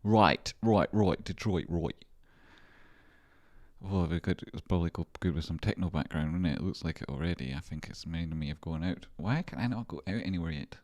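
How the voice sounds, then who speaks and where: Scottish male host, low-pitched and dry-sounding, playful, self-talking, swears freely. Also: fast, few pauses, a little mellow, no room sound. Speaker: market analysis host. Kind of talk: casual rambling market commentary.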